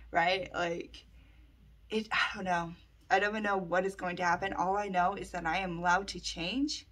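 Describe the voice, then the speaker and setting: A woman in her thirties telling a personal story to camera in a casual, animated way, full of "like" and "right?". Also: on the low side, slightly rough. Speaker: vlogger.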